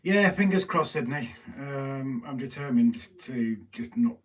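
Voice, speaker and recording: A man's voice: medium pitch, lively intonation, unhurried. A British man chatting casually on a live stream, reading viewer comments and bantering in a teasing way. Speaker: livestream co-host. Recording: voice from a distance, faint noise.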